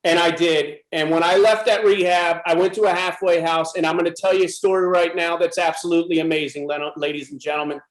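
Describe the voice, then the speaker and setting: A middle-aged man from the USA gives a frank, emphatic personal testimony. His voice sits high for a man. The recording carries a noticeable room echo. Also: level tone, fairly quick, few pauses. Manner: intense, emphatic storytelling. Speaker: speaker at a club presentation.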